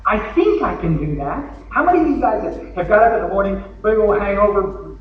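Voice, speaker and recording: This convention speaker, a Texan man, jokes his way through a folksy recovery talk from the podium, acting out little asides. His pitch is high, his intonation lively, and his pace fairly quick. The lo-fi capture comes from a distance in a big, echoing hall and carries a little hiss or hum.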